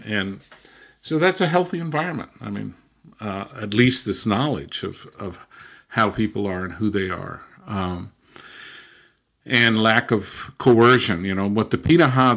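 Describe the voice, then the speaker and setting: An older man, a linguist and former missionary, telling stories in an interview in a relaxed, rambling way full of restarts and fillers. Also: lowish voice. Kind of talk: casual interview storytelling.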